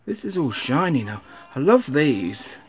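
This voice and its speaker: A man's voice: a little high, very animated, measured pace. A man giving a casual, rambling unboxing chat, grumbling and swearing at his camera. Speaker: sneaker vlogger.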